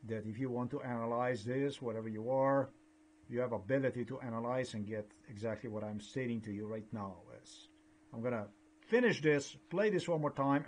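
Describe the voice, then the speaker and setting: Halting man. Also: mid-range voice. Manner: halting, repetitive, earnest. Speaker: video blogger. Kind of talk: rambling vlog monologue.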